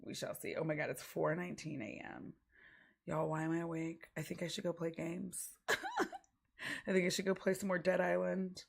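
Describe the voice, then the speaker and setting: A woman chats casually on a livestream, rambling from thought to thought with frequent giggles and fillers. Her voice sits low with a gravelly fry. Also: fairly even intonation, normal speed. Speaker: streamer.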